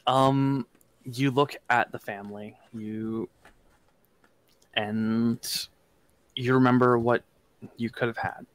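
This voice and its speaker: A man narrating a tabletop game as game master, in a slow, reflective, deliberate way. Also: medium pitch, flat delivery.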